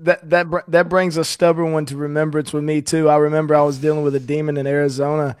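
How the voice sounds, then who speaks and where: Man guest, matter-of-fact anecdote, slightly high voice, dry sound. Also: flat delivery, fast talker, clear, resonant tone, no echo. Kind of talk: anecdote in casual chat.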